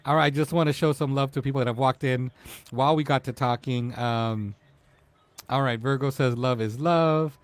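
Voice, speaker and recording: A man's voice: mid-range voice, fairly even intonation, moderate pace, no echo. A man in his forties hosting a casual live-stream talk show, emotional and tearful as he speaks to his guest. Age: 40s.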